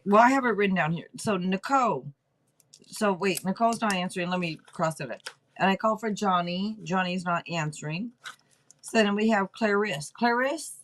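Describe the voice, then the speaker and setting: Lively chatty woman streamer. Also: mid-range voice. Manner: chatty, loose, swears casually, reads names off a list. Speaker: podcast host reading tarot for a live chat. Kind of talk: casual livestream chat.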